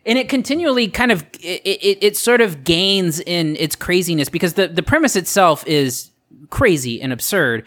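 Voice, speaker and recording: A man with a high, expressive, slightly bright voice talks at a moderate pace. Co-hosting a podcast in casual chat, he rambles hesitantly with many fillers and restarts, laughing along and circling his points before landing them.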